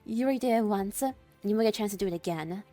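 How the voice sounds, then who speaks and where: A woman's voice: mid-range voice, very fast, dark tone, no room sound, soft background music, close to an everyday voice. A woman voicing a defiant young magical girl who is cold and hostile toward her friends, reading visual novel lines aloud. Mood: menacing. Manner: bitter, defensive, challenging.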